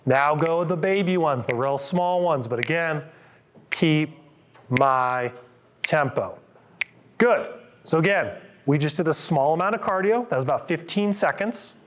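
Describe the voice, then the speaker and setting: A man's voice: on the high side, a bit bright, slight background noise. A middle-aged man, a physical therapist, coaching a live group through exercises with upbeat cues and counts.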